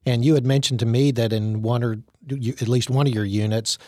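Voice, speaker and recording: A man hosting an interview, asking questions in a thoughtful, gently probing way. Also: mid-range voice, steady tone, a little fast, no room sound, studio quality. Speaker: host.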